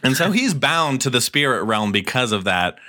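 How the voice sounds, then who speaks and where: A man's voice: mid-range voice, big pitch swings, normal speed, sharp tone. A man co-hosting a comedy podcast, riffing on a made-up story and laughing often. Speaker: podcast co-host.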